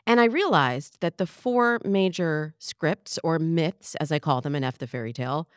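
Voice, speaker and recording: A woman hosting a dating podcast as a dating coach, speaking in a bubbly, playful, expressive way. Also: sits low, normal speed, no room sound, clean studio sound. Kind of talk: podcast monologue.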